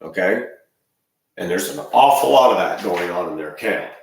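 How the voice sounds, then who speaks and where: A man's voice: sits low, expressive, moderate pace, creaky, distant mic, a little hiss or hum. Man in his fifties, echoey and off-mic. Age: 50s. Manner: emphatic and rambling, with repeated restarts. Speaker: video commentator. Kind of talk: ranting monologue.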